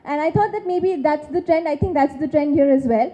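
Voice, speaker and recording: A woman's voice: high voice, fairly quick, mellow. A woman from West Bengal, an actress, giving emphatic, effusive thanks at a film launch. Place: film launch event stage. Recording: dull lo-fi sound.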